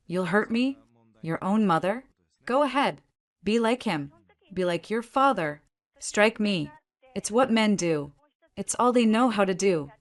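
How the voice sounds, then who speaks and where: A woman's voice: mid-range voice, expressive, a little slow, voice pushed up, lightly acted. A woman voicing a hysterical older mother-in-law who wails and shrieks erratically in a dramatic audio story. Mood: shrieking.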